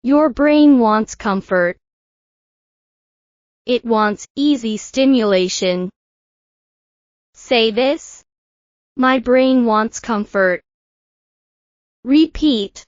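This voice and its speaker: Very slow, calm woman teacher. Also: on the high side, dry recording, dull audio. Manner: calm, measured, soothing instructions. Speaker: English teacher. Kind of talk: calm guided speaking drill.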